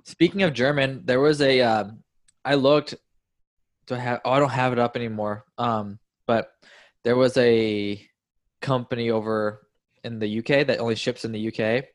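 A man's voice: mid-range voice, fairly even intonation, moderate pace. A man hosting a podcast on a headset over a video call, easygoing and laughing often in casual chat. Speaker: podcast host.

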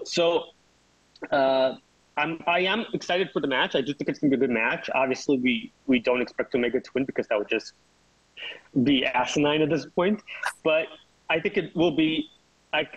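Husky man on a dull, dry mic. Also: medium pitch, a little fast, fairly bright tone, no echo. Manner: rambling, emphatic, laughs while talking. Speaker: co-host wrestling pundit. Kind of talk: casual podcast chat.

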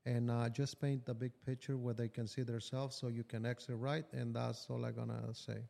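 A man with a dark, mellow voice speaks as a guest in a casual podcast chat. He is blunt and swears freely, and he tells his stories with animated energy. His pitch sits at a middle level for a man. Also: normal speed, gravelly. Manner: blunt and profane, animated storytelling. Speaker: business owner guest.

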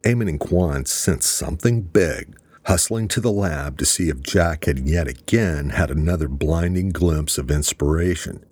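A man narrating an audiobook in a steady, measured storytelling voice. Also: very deep voice, husky, no room sound. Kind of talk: scripted narration.

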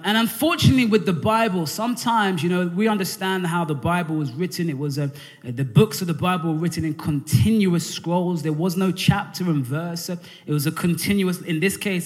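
High-voiced man preaching in a reverberant church. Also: fairly quick. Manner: energetic call-and-response preaching; conversational, with frequent fillers and restarts. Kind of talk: sermon. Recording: hall reverb.

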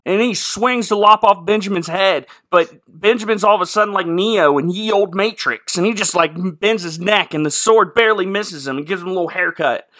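A man's voice: sits high, brisk, few pauses, fairly bright tone. A man hosting a casual comedy podcast, rambling sarcastically through a movie recap with fillers and sound effects. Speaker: podcast host.

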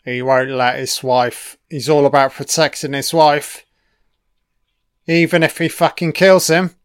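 A man's voice: a little high, level tone, a little slow, clear, resonant tone, no echo, studio quality. A man giving a casual, profane commentary on a film, swearing constantly and cheering at the screen.

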